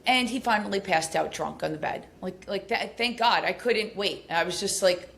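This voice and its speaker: A woman's voice: vocal fry, fairly bright tone. A woman guest on a podcast, candidly recounting a painful personal story with many fillers, her voice climbing when the memory gets heated. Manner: rushed, candid, many fillers, pitch rising as she relives anger.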